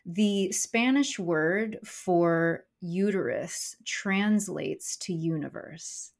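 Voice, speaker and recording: Woman, young adult, podcast guest, candid, fairly low voice. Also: very slow, gravelly. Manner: candid, swears casually, acts out inner voices. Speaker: guest, comedian and keynote speaker. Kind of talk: podcast interview, candid reflective talk.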